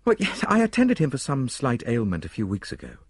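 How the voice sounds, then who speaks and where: A man doing a brisk urgent doctor. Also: mid-range voice, wildly swooping pitch, slightly rough, no room sound, clean studio sound, pitched above the performer's own voice. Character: brisk middle-aged male doctor, earnest.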